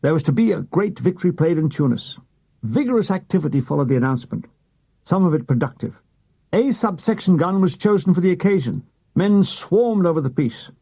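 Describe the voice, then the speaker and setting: A man's voice: on the high side, gravelly, dark tone, slightly rough. A man reading a comic war memoir as an audiobook narrator, with dry comic timing.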